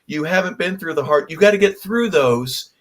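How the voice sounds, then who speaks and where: A man's voice: fairly high pitch, expressive, normal speed. A man hosting a sports talk radio show, reflecting and retelling a film scene to his guest. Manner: reflective, telling a film anecdote.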